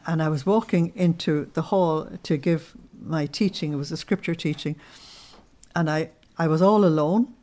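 A woman religious teacher giving a spoken sermon in an earnest, unhurried way, weaving in personal stories. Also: sits low, darkish tone.

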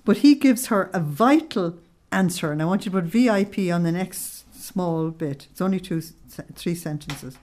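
A woman's voice: lowish voice, lively intonation, normal speed, few pauses, darkish tone. A woman leading a spiritual study group. She reads passages aloud, stops to explain them, and asks her listeners tag questions. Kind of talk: religious teaching with read-aloud passages.

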